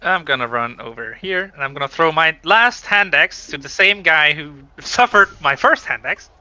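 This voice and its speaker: A man playing a tabletop game, making quick, blunt remarks. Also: on the high side, animated, bright, forceful tone, dry recording. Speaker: player.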